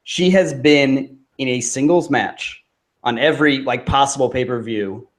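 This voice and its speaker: Man ranting fast in casual podcast. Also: mid-range voice. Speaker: podcast co-host. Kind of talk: casual wrestling chat.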